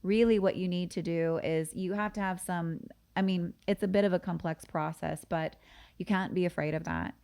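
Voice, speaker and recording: A middle-aged woman therapist talks as a guest in an interview. Her voice sits slightly low for a woman, and she speaks frankly and emphatically, calling things as she sees them. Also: fairly even intonation, moderate pace, gravelly, darkish tone, clear, resonant tone. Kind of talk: conversational interview.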